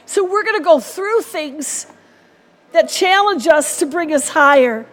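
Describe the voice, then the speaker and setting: Woman preacher, earnest and repetitive, fairly high and slow, light music bed. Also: expressive. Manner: earnest, repetitive, ends in prayer. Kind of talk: sermon.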